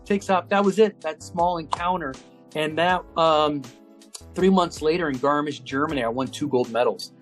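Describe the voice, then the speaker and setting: An American man in his fifties, a guest in an interview, telling a story with lively energy and acting out the voices of the people in it. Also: a little high, normal speed, faint music behind. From United States. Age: 50s. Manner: lively, acts out quoted voices, many fillers.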